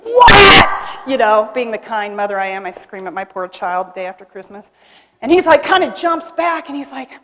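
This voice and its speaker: A woman's voice: medium pitch, brisk, a little hiss or hum. A middle-aged woman giving a keynote speech, telling a story dramatically and acting out the lines of the people in it. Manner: animated, dramatic storytelling with acted quotes. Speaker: keynote speaker. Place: convention hall. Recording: reverberant hall.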